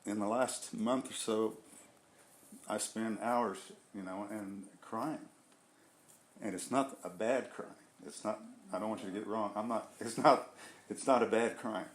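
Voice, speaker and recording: A man in a casual group discussion, speaking earnestly and haltingly, often restarting and searching for words. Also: lowish voice. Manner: earnest and heartfelt. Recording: echoey room.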